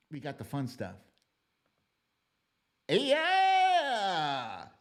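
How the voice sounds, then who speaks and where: An American man hosting a political livestream, ranting in a casual, profane way and reading viewer comments. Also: mid-range voice. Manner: animated, profane, ranting with loud outbursts. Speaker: livestream political show host.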